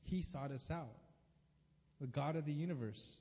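A man's voice: on the high side, moderate pace, a little mellow. Guy giving a chatty sermon, lots of likes and you knows, muffled lo-fi audio. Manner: casual, conversational preaching with many fillers. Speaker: preacher. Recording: dull, lo-fi sound with long reverb.

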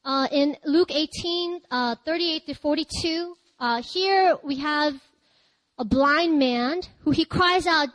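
High-voiced woman pastor preaching with dry closeness. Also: slow, no echo, poor audio. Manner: lively, chatty preaching with laughter and loud cries. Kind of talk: sermon.

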